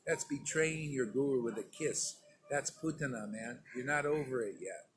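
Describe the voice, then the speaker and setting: A man's voice: mid-range voice, moderate pace, faint music behind, low-quality recording. A man giving an informal sermon to his disciples as their spiritual teacher, emphatic and stern, talking in a conversational way and often asking "see?".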